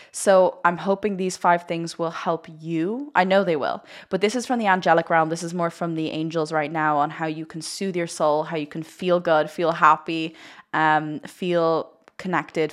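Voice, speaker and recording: A spiritual coach hosts a live video, a casual spiritual vlog on a livestream where she rambles giddily and talks straight to her viewers. Her voice sits low, and one of her eyes is watering.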